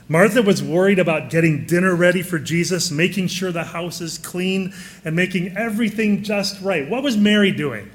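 A man preaching a sermon in a conversational way, often putting questions to his listeners. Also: a little high.

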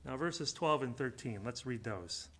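A man preaching a sermon in an earnest, conversational way, swinging between loud emphatic lines and quiet, low asides. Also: expressive, measured pace. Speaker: pastor.

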